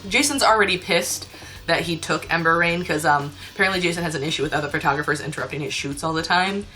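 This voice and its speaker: A woman's voice: deep voice, fast talker, bright, forceful tone, soft background music. A young woman telling a story in a casual vlog, chatty and ranting with laughs. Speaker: cosplayer and convention staff.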